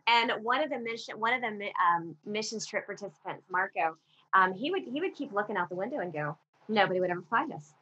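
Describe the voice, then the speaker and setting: A woman co-hosting a casual chat, telling a lively story and acting out what people said. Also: mid-range voice, brisk, husky. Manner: animated storyteller, acts out quotes. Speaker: podcast co-host. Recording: slightly dull audio with faint background noise.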